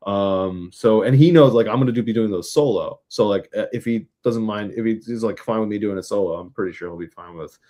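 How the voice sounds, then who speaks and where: A man co-hosting a sports podcast in casual chat, relaxed and hesitant, chuckling often. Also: lowish voice, fairly quick, few pauses. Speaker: podcast co-host.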